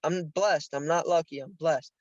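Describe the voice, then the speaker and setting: A man's voice: on the high side, moderate pace, no room sound, muffled recording. A young man telling a story as a podcast guest, casual and profane, laughing now and then.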